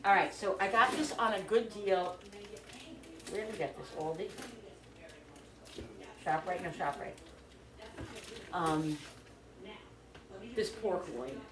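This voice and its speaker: A woman talking casually to her viewers while cooking in her home kitchen, rambling and thinking out loud as she works. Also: fairly low pitch, slow, long pauses, a crowd in the background. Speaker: cooking vlogger. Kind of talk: casual cooking vlog chat.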